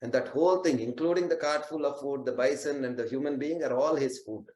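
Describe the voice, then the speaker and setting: A man's voice: mid-range voice, brisk, a little mellow. A man telling devotional stories earnestly, chanting classical verses and then explaining them. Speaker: storyteller. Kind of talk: devotional storytelling with verse recitation. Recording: roomy echo.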